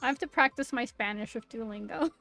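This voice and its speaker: A woman's voice: fairly high pitch, fairly quick, vocal fry, fairly bright tone, dry recording, soft background music. A bubbly young woman with a Californian accent, hosting a casual livestream interview and giggling often. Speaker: VTuber host, interviewer.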